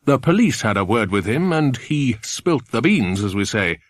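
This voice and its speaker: A man doing a jovial, brisk grown-up friend. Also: medium pitch, big pitch swings, no echo. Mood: cheerful. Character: cheerful, confident adult man, kindly friend. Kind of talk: audiobook character voice.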